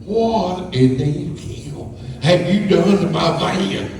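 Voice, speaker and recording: Exasperated friend, as a storyteller puts him on. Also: male voice, high voice, takes it slowly, darkish tone, pitched above the performer's own voice. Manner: incredulous, exasperated. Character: exasperated man upset over his wrecked van. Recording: echoey hall from far off.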